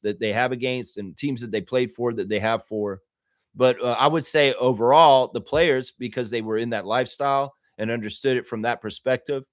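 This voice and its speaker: A man's voice: medium pitch, no room sound. Joking male podcast host, dry sound. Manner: animated, joking, chats with viewers. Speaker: host of a basketball podcast livestream. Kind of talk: casual live commentary and chat.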